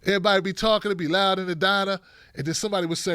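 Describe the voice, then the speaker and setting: Hosting a live online show, a man with a rather high voice greets his viewers in loose, playful live-stream chat, talking very fast with lively, animated asides. He keeps clearing his dry throat, and the audio is close and dry without any room echo.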